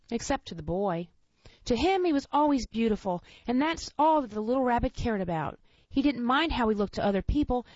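Woman, children's story narration, gentle, animated, dull lo-fi sound. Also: fairly high pitch, no echo. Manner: gentle, expressive. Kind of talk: reading a children's storybook aloud.

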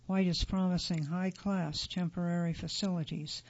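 A man narrating a magazine feature in a steady, neutral read-aloud delivery. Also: high voice, normal speed, muffled recording. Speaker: article narrator.

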